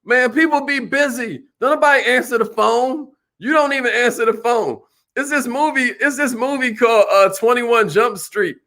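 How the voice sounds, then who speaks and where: A man giving an animated motivational sales seminar, calling out to the audience. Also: extremely high pitch, normal speed. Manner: animated, preacherly, calls out to the audience. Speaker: sales trainer.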